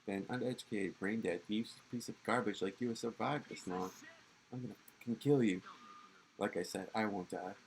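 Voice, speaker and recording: A man voicing an arrogant, condescending young male heir while reading game dialogue aloud, in a low gravelly voice. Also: fairly quick, few pauses, slight background noise, natural voice, poor audio. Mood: cold, haughty. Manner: haughty, dismissive.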